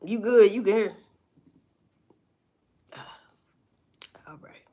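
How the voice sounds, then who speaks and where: A woman's voice: mid-range voice, steady tone, drawn-out words, dark tone. A woman chatting casually with viewers on a live stream, blunt and profane, with emphatic outbursts. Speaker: livestream host. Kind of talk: casual livestream chat to viewers.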